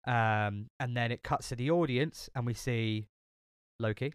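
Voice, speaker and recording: Man, smooth voice, dry close mic, rambling, swears a lot. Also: medium pitch, unhurried, no echo. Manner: chatty, swears a lot, many fillers and restarts. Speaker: podcast co-host. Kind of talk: casual film chat.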